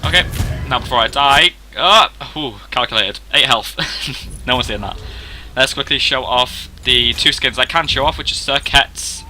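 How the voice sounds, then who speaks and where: Bright-voiced young man casually narrating gameplay. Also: mid-range voice, normal speed, few pauses, a little hiss or hum, rough recording. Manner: chatty, self-deprecating, rambling. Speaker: gaming video host.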